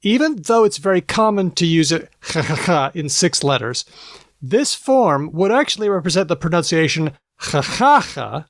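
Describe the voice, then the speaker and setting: A man's voice: a little high, animated, moderate pace, no echo, clean studio sound. A man hosting a podcast, chatting easily and explaining things patiently. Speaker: podcast host. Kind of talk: casual chat.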